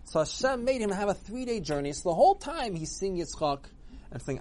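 Animated man telling a religious story. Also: high-pitched, a little fast. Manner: animated retelling, acting out the characters' voices.

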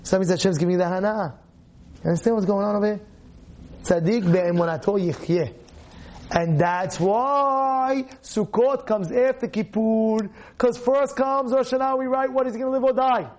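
A man, a rabbi, giving a Torah class, animated, firing rhetorical questions and repeating phrases for emphasis. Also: high-pitched, moderate pace.

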